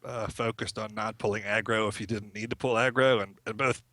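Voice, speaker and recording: A middle-aged man tells a story as a guest on a podcast, laughing often as he goes. His voice is bright and forward, and the close mic keeps it dry. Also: on the low side, fairly even intonation, fairly quick, no room sound. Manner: chatty, laughs often while telling stories. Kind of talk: casual storytelling chat.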